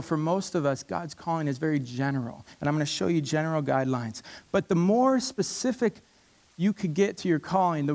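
Man, preacher, sermon, passionate, emphatic, repeats himself, slightly high pitch. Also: darkish tone.

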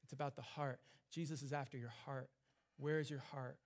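A man preaching a sermon on scripture, earnest, dropping to hushed tender lines and rising into emphatic questions. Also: mid-range voice, level tone, a little fast.

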